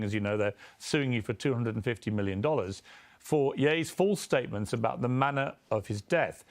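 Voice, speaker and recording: English-accented male interviewer pressing. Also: medium pitch. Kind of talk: broadcast interview questioning.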